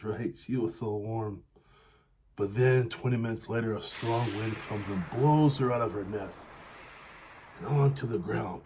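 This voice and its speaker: Husky, low-voiced male relationship coach. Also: mellow. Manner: casual, repeats "right?", laughs lightly. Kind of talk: storytelling and coaching talk.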